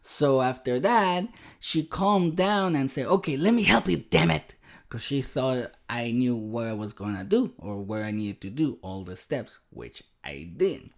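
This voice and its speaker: A man hosting a podcast, telling a personal story in an animated, self-deprecating way. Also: mid-range voice, unhurried. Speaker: podcast host. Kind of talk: casual storytelling monologue.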